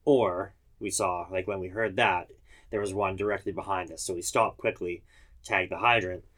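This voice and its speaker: Firefighter dude, matter-of-fact, lowish voice but bright and punchy. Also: male voice, fairly even intonation, moderate pace. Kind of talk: casual chat.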